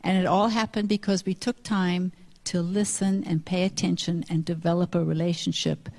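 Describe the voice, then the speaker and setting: A woman giving an earnest missionary testimony in church, pausing as she follows slides. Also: on the low side, flat delivery, a little mellow. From South Africa. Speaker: missionary speaker. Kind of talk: sermon testimony.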